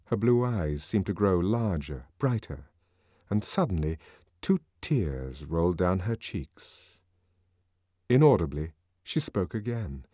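A man's voice: deep voice, lively intonation, slow pace, warm tone, dry recording, studio quality. A man reading a novel aloud as narrator, in a dramatic, varied manner. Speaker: audiobook narrator. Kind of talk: scripted narration.

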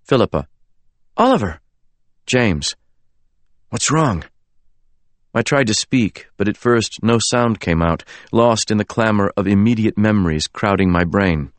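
A man's voice: lowish voice, dry recording. Man reading a novel aloud, dry and close. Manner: measured, earnest first-person telling. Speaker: narrator. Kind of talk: scripted audiobook narration.

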